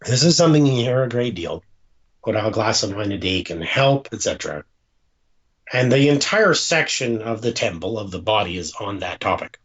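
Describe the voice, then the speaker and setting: A man, an author, reading aloud from his own book in a measured, deliberate way with dramatic pauses. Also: lowish voice, animated. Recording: dull lo-fi sound.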